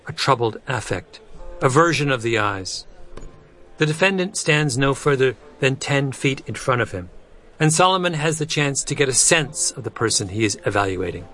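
A man reading a nonfiction audiobook in a measured way, letting his pitch fall low at the end of phrases. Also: bright, forceful tone, a little hiss or hum. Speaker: narrator. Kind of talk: scripted nonfiction audiobook narration.

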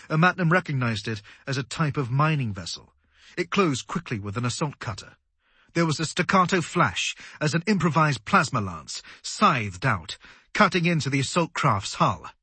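Male narrator, dramatic storytelling, lively pitch, dry close sound. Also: moderate pace, husky, no room sound. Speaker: audiobook narrator. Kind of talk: scripted narration.

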